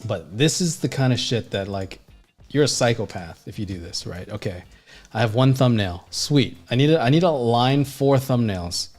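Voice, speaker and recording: A man's voice: mid-range voice, lively intonation, normal speed, a little mellow, faint music behind. A man teaching art on a livestream in casual, blunt talk full of swearing, fillers and restarts. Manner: blunt and profane, heavy fillers like "you know what I mean"; emphatic, rambling with frequent restarts. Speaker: art instructor and designer.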